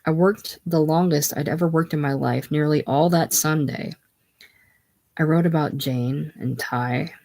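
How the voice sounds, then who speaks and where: Slow, measured play reader. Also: medium pitch, creaky. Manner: calm, measured stage-direction reading. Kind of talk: casual play reading.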